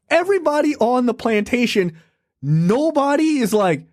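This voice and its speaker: Animated high-voiced man reviewing a movie. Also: normal speed, no echo, studio quality. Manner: animated, profane, laughing. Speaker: podcast co-host. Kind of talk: casual review chat.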